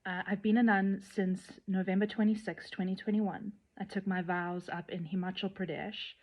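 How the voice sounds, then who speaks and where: A woman speaking candidly to camera about her life as a nun, playful at times and earnest, sometimes dropping to a soft whisper. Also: mid-range voice, level tone, moderate pace. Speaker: tantric nun sharing her journey. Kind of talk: personal vlog to camera. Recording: slightly dull, lo-fi sound.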